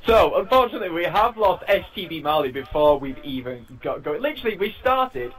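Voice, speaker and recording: A man's voice: a little high, sing-song, brisk, fairly bright tone, slightly rough, poor audio. A man commentating an online racing league, playful and laughing often, with frequent restarts. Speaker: race commentator.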